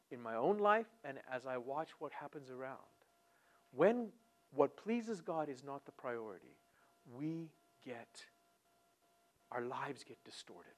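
A man preaching a sermon, talking with great animation, swinging from hushed tones to loud and repeating words as he builds a point. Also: mid-range voice. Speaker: pastor.

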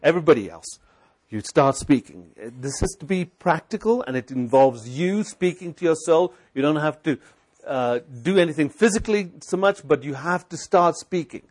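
A man's voice: on the high side, animated, normal speed, a little mellow. A male preacher delivers a sermon, voice sitting a little above the usual male range. He drives his points home through repetition and constant questions to the room, mixing in recited scripture. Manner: exhorting, repetitive, rhetorical questions.

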